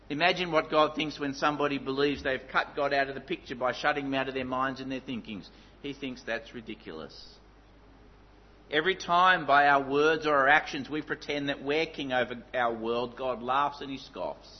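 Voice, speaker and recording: A man preaching a sermon, emphatic, dropping to low, intense tones for stress. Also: breathy edge, highs cut off.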